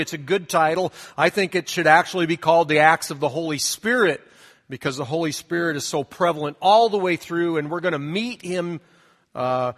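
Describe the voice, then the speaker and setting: A man's voice: on the high side, fairly bright tone, long reverb tail. A man preaching a sermon in a church, telling stories in a conversational way and reading scripture aloud. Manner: conversational storytelling with asides. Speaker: pastor. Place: church sanctuary.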